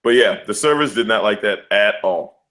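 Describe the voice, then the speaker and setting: Slangy low-voiced podcast guy. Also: normal speed. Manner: loose, slangy storytelling with animated quoted voices. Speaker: podcast co-host. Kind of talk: casual sports and news podcast chat.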